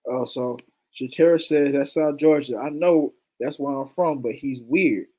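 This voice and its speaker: A man's voice: medium pitch, a little slow, mellow. A man hosting a show, giving casual, chatty reaction commentary on a video with unsure asides. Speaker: host.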